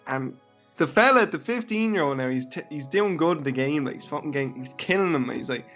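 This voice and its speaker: A man with a fairly high voice tells a story in casual podcast talk. He swears freely and tells it with animation. Faint music plays beneath. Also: expressive, brisk, fairly bright tone. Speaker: podcast co-host.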